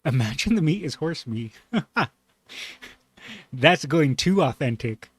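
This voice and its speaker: A man hosting a reaction video, musing aloud in a relaxed way and laughing easily. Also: fairly high pitch, slow, breathy edge. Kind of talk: casual reaction commentary.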